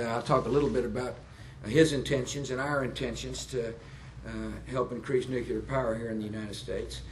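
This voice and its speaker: A man's voice: medium pitch, slight background noise. Folksy man in his sixties giving a speech. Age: 60s. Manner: folksy, halting with fillers, self-deprecating asides. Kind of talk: public speech to plant workers. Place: nuclear power plant, indoors.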